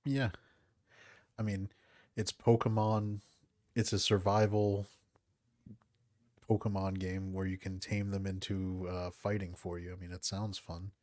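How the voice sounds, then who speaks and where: A man hosting a casual podcast, talking in a soft, calm, low-key voice into a close microphone. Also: measured pace, pauses often, dry recording. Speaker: podcast host. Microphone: close studio mic.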